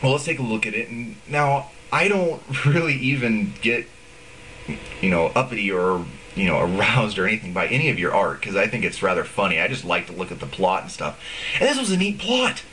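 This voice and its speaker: Sarcastic man ranting with lively pitch. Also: moderate pace, a little hiss or hum, rough recording. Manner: profane, rambling, sarcastic. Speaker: video blogger. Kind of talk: casual ranting vlog.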